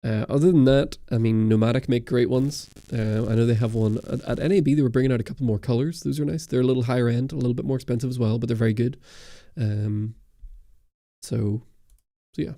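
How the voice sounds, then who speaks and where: Give me a young man with a rough, gravelly voice, casually answering chat questions on a livestream. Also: mid-range voice, fairly even intonation, brisk, mellow, no room sound, clean studio sound. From Ireland and Britain. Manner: casual, rambling, many ums and restarts. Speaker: camera channel host. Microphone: studio dynamic mic.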